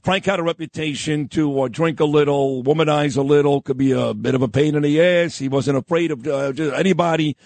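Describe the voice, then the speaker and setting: A man hosting a radio talk show, brisk and chatty on a studio mic. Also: a little high, fairly even intonation, a little mellow, no echo.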